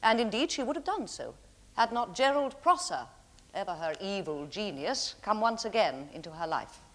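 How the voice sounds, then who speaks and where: An actress playing an earnest defence barrister. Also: female voice, medium pitch, big pitch swings, normal speed, natural voice. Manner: formal, earnest, persuasive. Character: composed female barrister defending client. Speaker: defence counsel. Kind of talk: 1970s television courtroom drama.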